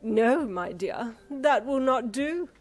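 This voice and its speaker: A woman voicing a malicious female fox witch who speaks slowly with cruel, mocking menace in a storybook tale. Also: on the high side, faint music behind, voice pushed up. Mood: gloating, menacing. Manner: slow, mocking, cackling menace.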